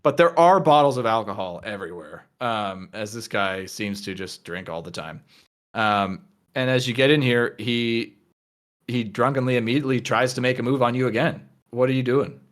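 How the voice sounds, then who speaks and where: A man narrating as game master of a tabletop game, relaxed and full of fillers. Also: medium pitch, normal speed.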